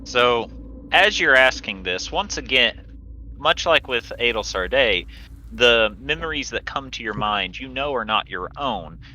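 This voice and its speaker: A man's voice: mid-range voice, lively intonation, measured pace, sharp tone, slight background noise, rough recording. A man narrating a tabletop game as game master, describing scenes with small restarts.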